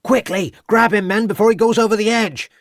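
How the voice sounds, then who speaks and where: A man voicing an urgent young police constable who shouts his orders. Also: on the high side, steady tone, fast, dry recording, clean studio sound, pitched above the performer's own voice, natural voice.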